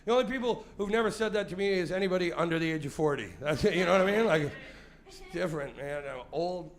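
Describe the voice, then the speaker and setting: High-pitched and fast, this forty-something man is mid-way through a live stand-up set at a comedy club. He's sweaty, foul-mouthed, and confrontational, teasing the audience as he goes.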